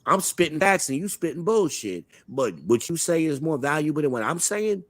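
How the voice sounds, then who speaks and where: A man's voice: fairly high pitch, big pitch swings, normal speed, a bit bright, no room sound. A man from Charlotte hosting a live online talk show, talking in a blunt, profane, swaggering, opinionated way. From Charlotte, United States. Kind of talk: casual opinionated chat.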